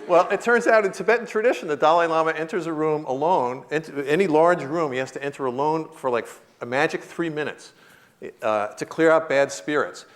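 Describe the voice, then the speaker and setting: Speaking briskly in a slightly high voice, this man in his fifties turns his university guest lecture into comic storytelling. He frequently laughs and performs the voices of people in his anecdotes.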